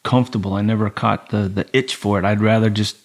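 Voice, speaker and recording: Middle-aged male guest, animated yarn-spinner, swears freely. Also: fairly low pitch, quick pace. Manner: animated storyteller, acts out voices in quotes, heavy swearing. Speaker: podcast guest, former Navy SEAL and police officer. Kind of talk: casual storytelling.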